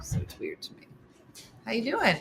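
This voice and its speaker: A woman's voice: a little high, moderate pace, gravelly, over music. A middle-aged woman hosting a morning show, telling comic stories in a casual, laughing way. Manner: animated, laughing, slips into character voices for quotes. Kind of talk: casual comedic storytelling.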